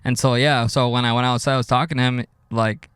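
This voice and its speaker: A young man chats on a podcast in a relaxed, rambling way, swearing and laughing through his stories. His voice sits in a middle range and comes through close and dry, with no room sound. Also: mid-range voice, quick pace, smooth, no echo. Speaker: podcast co-host. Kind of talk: casual chat.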